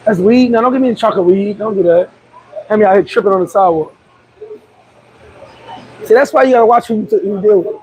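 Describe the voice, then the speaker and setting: A man's voice: high-pitched, fast talker, pauses often, darkish tone, low-quality recording. A man vlogging outdoors, chatting casually, joking and telling stories to his viewers. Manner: joking, storytelling, laughs often. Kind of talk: casual street vlog chat. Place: outdoors on a street.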